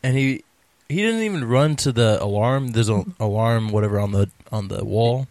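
A man's voice: on the low side, moderate pace, a little mellow, dry recording. Man with a sore throat, dry mic. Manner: laughing, rambling storytelling. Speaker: podcast co-host. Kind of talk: casual gaming chat.

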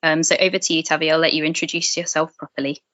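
A woman hosts a podcast at a quick clip, her low voice carrying a bright edge. The sound is dry and a little muffled. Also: little pitch movement, no room sound. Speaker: podcast host, paediatric registrar. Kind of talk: podcast hosting. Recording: slightly dull dry podcast audio.

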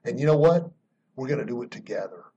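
A man with a slightly husky voice, talking as a guest in an interview. He tells his story with earnest emphasis and chuckles now and then. The recording sounds a little dull and lo-fi. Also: medium pitch, animated, quick pace, warm tone. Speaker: podcast guest speaking on leadership.

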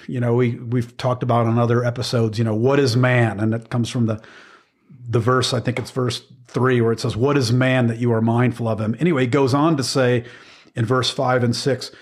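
A man co-hosting a faith podcast, talking earnestly through scripture in a casual teaching chat with frequent pauses and restarts. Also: mid-range voice. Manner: earnest, reflective, with many ums and restarts. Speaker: podcast co-host.

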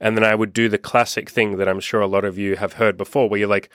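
A man's voice: on the low side, level tone, quick pace, fairly bright tone, clear, resonant tone, dry recording, studio quality. A young man coaching on dating, talking candidly and casually, acting out quoted texts and swearing freely. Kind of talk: casual monologue to camera.

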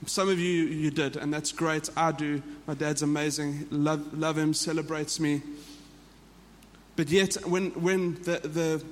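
A man's voice: on the high side, fairly even intonation, a little slow, long reverb tail. A man with a South African accent, preaching a sermon to a church in an earnest way that often repeats and restarts phrases. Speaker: pastor.

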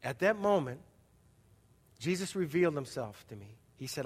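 Male pastor, high voice, chatty sermon storytelling, long echo of a big church hall. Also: lively intonation, moderate pace, husky. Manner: conversational storytelling with audience asides.

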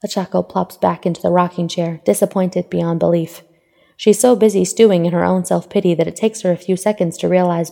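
Woman narrating fan fiction, low gravelly voice, mellow, long reverb.

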